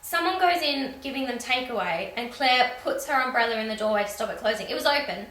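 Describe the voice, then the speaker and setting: A woman's voice: fairly high pitch, lively intonation, fast, fairly bright tone. A woman giving a casual, sarcastic recap of a film's plot as a reviewer. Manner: wry, sarcastic asides. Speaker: film reviewer. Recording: echoey room with faint background hum.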